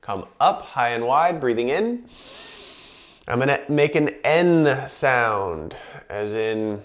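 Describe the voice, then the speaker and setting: Calm man guiding a breathing class. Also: medium pitch. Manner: calm, unhurried cueing of breaths and movements; chatty asides between cues. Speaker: movement instructor. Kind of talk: guided breathing and movement class.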